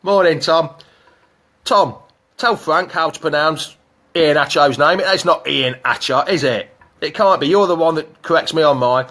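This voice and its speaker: A man hosting a live fan show, reading out viewer comments and chatting in an excitable, jokey way. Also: a little high, normal speed. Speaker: fan channel host.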